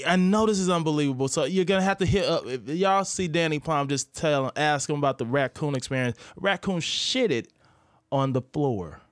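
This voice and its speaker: A young comedian from St. Louis, USA, appears as a guest telling wild stories in casual chat, animated, laughing often and acting out what people said. His voice is on the high side at normal speed, recorded with studio quality and no room sound.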